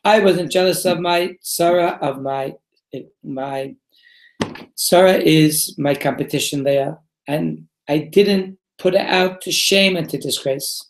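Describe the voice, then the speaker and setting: A man's voice: on the high side, measured pace, creaky, roomy sound. A man, a rabbi teaching a Torah class, who reads Hebrew text aloud, then explains it in English and asks his listeners questions. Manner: asks the group questions and answers them himself. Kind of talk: Torah class before a live group.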